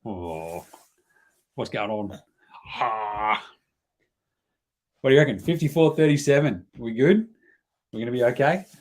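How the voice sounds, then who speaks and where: A man's voice: medium pitch, animated, measured pace, pauses often, darkish tone. An Australian man hosting a casual live stream about a basketball game, joking and chatty as he talks to his baby. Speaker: host.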